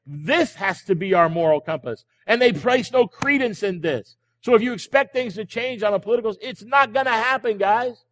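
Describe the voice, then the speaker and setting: A man's voice: sits high, normal speed, few pauses, fairly bright tone. A male pastor preaching a sermon in a church, emphatic, repeating key phrases and asking the congregation rhetorical questions. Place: church sanctuary. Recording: long hall reverb from the church.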